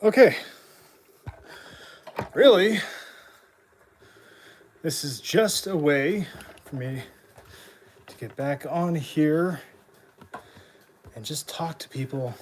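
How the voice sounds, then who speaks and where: A man's voice: a little high, very slow, pauses often, slight background noise. A young man hosting a casual livestream while riding an exercise bike, slightly out of breath, chatting and hyping up his viewers. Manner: talks while pedaling an exercise bike, a bit winded; upbeat hype when greeting chat. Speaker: livestream host.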